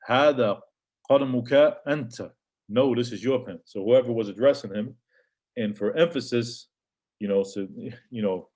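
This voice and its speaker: A man's voice: mid-range voice, a little mellow. Patient man teaching Arabic grammar. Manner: patient, repeats words, reads Arabic sentences aloud then translates. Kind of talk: casual grammar lesson explaining textbook examples.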